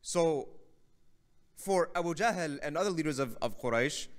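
A man's voice: a little high, expressive, a little slow. A man giving a religious lecture, telling a story in a conversational way and often checking in with the audience. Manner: conversational storytelling with frequent "right?". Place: mosque hall.

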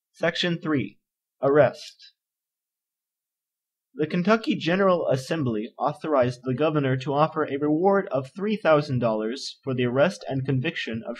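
A man narrates an encyclopedia article in a steady, measured read-aloud style. His voice has a slightly husky, breathy edge and sits at an ordinary middle pitch. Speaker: volunteer article reader.

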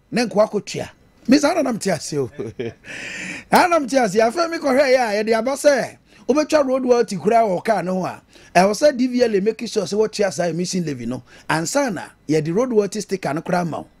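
Animated Ghanaian talk host. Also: male voice, high voice, brisk, no echo. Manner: animated, mixing Twi and English, laughing at his own jokes. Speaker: radio and TV talk show host. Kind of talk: political talk show commentary.

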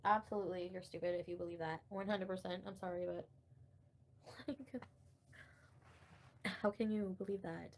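A woman's voice: fairly low pitch, fairly even intonation, normal speed, pauses often, a little hiss or hum. A woman hosting a casual livestream and commenting on online drama, blunt and profane, with frequent laughter.

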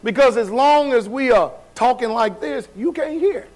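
A man with a high-pitched voice preaches a sermon in a church. He talks in a folksy, everyday way and keeps asking the congregation questions. His delivery is call-and-response. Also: expressive, moderate pace. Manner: folksy, colloquial. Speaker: pastor. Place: church sanctuary.

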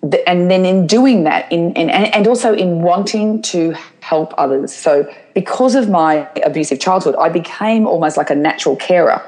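A woman's voice: on the low side, moderate pace, few pauses, a little mellow, rough recording. A middle-aged woman, a guest speaker, answering interview questions candidly and telling stories with frequent restarts. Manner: open, storytelling, restarts her sentences.

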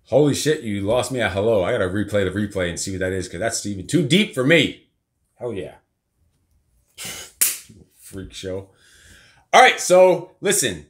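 A man's voice: fairly low pitch, lively intonation, moderate pace, pauses often. A man hosting a casual live show with his kids, joking and swearing freely. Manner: profane, joking, loud bursts. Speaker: podcast host and father.

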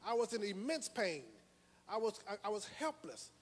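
High-voiced man giving a lecture in a hall. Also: very animated, normal speed, breathy edge. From United States. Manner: dramatic storytelling to an audience, repeating phrases. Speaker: motivational speaker. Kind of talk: motivational lecture.

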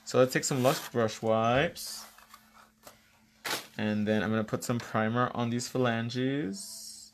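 A man's voice: mid-range voice, slow pace, pauses often, a little hiss or hum. A man hosting a live nail tutorial, explaining each step while bantering playfully with a co-host and viewers and slipping in the odd bit of Spanish.

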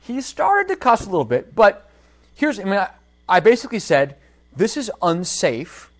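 His voice is high and fairly quick as he shares a workshop tale on a casual livestream. The holster maker and host tells it with energy, speaking right to his audience.

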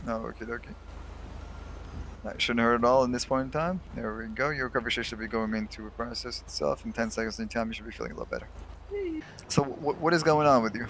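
A man's voice: mid-range voice, expressive, fast talker, gravelly, a bit bright, slight background noise. A man role-playing a paramedic in a game, talking in stiff, formal medical jargon. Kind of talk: in-character game role-play.

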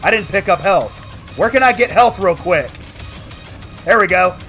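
A man's voice: high-pitched, lively intonation, normal speed, sharp tone, faint music behind. A man hosting a let's-play, trash-talking and whooping at enemies. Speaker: gaming video host.

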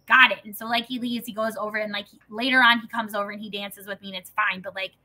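Woman in her thirties, chatty host, bright and slightly husky, lots of "like" and swearing. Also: medium pitch, flat delivery, quick pace. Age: 30s. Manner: chatty, peppered with "like", swearing, acting out quotes. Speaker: host reading and discussing a self-help book. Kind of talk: casual storytelling and book reading.

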